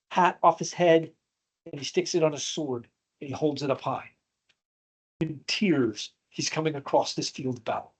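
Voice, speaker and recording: On a rough recording, a man with a slightly high voice teaches a history class, telling a battle story with strong emotion and acting out the quotes.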